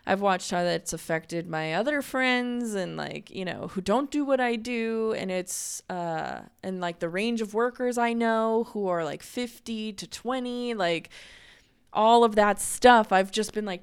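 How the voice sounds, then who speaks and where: Young female host, casual candid chat, smooth clear tone, mid pitch. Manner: chatty and candid, many "like" fillers. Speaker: podcast host. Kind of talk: casual monologue.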